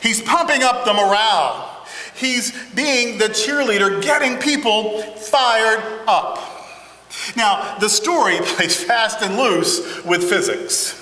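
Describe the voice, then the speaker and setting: A man's voice: sits high, lively intonation, slow pace, bright, forceful tone. A man in his forties preaching a sermon as pastor, with humorous, self-deprecating asides. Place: large church sanctuary. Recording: echoey church hall with congregation.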